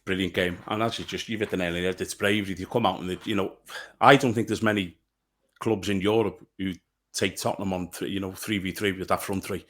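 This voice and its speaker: A man's voice: sits low, steady tone, a little fast, fairly bright tone. A man, a podcast co-host giving forthright opinions in casual chat.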